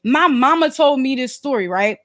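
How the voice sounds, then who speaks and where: Chatting casually on a phone livestream at normal speed, this Philadelphia podcaster and streamer has a loud, high voice. She's lively and full of slang and rhetorical asides, speaking emphatically and snapping now and then.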